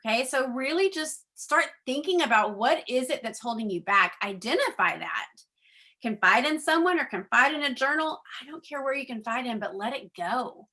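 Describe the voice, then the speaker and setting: A woman's voice: high voice, normal speed. A woman giving a chatty motivational talk to her sales team, full of fillers and acting out conversations. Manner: chatty and animated, many fillers, acts out quoted dialogue. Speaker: direct sales leader speaking to her team.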